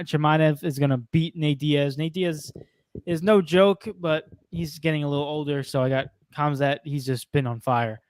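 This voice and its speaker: A young man co-hosting a casual sports podcast, easygoing and quick to laugh, on a computer mic. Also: a little high, smooth, no echo, studio quality. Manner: easygoing, laughs often, laid-back predictions. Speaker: podcast co-host.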